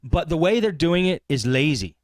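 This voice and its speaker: A man's voice: on the high side, sing-song, normal speed, a little mellow, no echo, clean studio sound. A man hosting a live tech podcast, ranting casually and animatedly with laughs. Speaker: podcast host.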